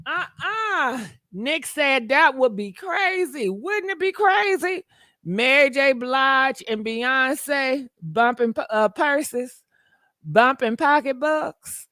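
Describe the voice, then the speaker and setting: A woman's voice: high voice, animated, slow pace, fairly bright tone, dry recording. A woman hosting a gossip channel, chatting dramatically straight to her viewers with lots of exclamations. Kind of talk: casual gossip commentary.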